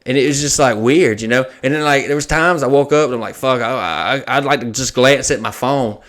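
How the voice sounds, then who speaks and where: A man's voice: medium pitch, a little fast. Profane storytelling podcast host, a man. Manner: profane, animated, acts out quoted dialogue. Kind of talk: casual storytelling.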